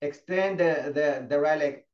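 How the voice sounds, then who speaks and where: Male instructor, encouraging, cueing each move, slightly high voice, roomy dull sound. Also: measured pace. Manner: encouraging, calls students by name. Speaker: fitness instructor. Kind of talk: live class instruction. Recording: echoey, dull lo-fi room sound.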